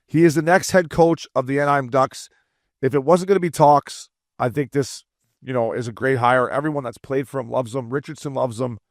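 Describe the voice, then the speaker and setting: A man co-hosting a casual hockey podcast as a former player, swearing freely and breaking into animated impressions. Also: mid-range voice, fairly quick, no echo, clean studio sound.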